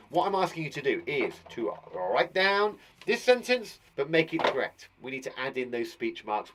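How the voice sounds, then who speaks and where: A man's voice: fairly high pitch, fairly bright tone, slight background noise. A man teaching a children's punctuation lesson online, chatty and playful, with jokes between his explanations. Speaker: primary school teacher.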